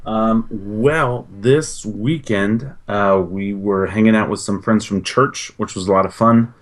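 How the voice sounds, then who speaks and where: Low-voiced man telling stories. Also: takes it slowly. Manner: easygoing, rambling storytelling. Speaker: podcast co-host. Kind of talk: casual chat.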